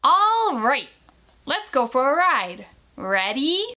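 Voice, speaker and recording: A woman voicing a cautious, friendly farm sheep in a read-along storybook, talking gently and hesitantly. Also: high-pitched, sing-song, slow pace, very noisy, full character voice. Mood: cheerful.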